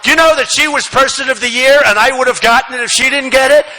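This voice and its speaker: A man giving a campaign rally speech, repeating phrases for emphasis and swinging between shouting and muttering asides. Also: very high voice, fast talker, slight background noise, rough recording. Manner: repetitive, emphatic, rambling asides. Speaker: political speaker at a rally. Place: large rally venue, no seating.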